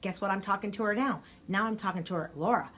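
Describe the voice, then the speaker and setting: An older woman, a sales coach, gives a chatty, energetic live talk directly to her viewers. She talks fast in a mid-range voice, and her scratchy throat keeps needing to be cleared.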